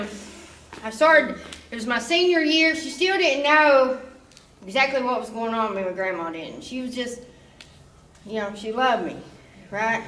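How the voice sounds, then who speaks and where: Young woman, bright voice, conversational testimony, roomy distant sound. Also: a little high. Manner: casual storytelling with frequent asides. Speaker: speaker giving a recovery testimony. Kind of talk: personal testimony.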